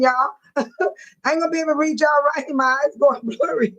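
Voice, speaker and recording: A woman's voice: high voice, animated, moderate pace, fairly bright tone, poor audio. A woman hosting a casual livestream, reading viewers' chat messages aloud and often laughing as she talks straight to them in informal, slangy speech. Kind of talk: casual live-stream chat.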